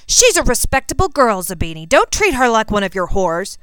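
A woman voicing a hulking, earnest teenage boy in a storybook reading, speaking in a gruff, blunt way. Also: a little high, big pitch swings, a little fast, a bit bright, no echo, pitched above the performer's own voice. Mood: indignant.

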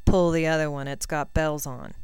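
A haughty teenage wizard boy from a storybook, put on by a woman reading aloud. His voice sits low and very smooth, and he keeps his words short and clipped in a dry, close room. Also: steady tone, moderate pace, a little mellow, no room sound. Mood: scoffing.

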